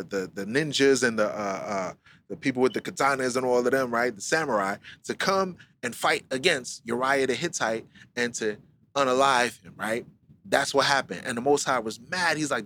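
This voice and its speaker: A man's voice: mid-range voice, slight background noise. Man teaching scripture on a livestream. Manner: reads scripture slowly, then explains in lively slang. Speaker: Bible teacher. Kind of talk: live-streamed Bible study.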